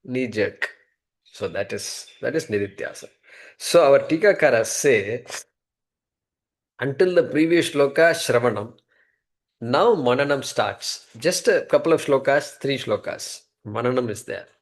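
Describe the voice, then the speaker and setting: A man's voice: mid-range voice, lively intonation, measured pace. Man teaching a scripture class. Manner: conversational, repeats key terms, chuckles at own jokes. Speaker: Vedanta teacher.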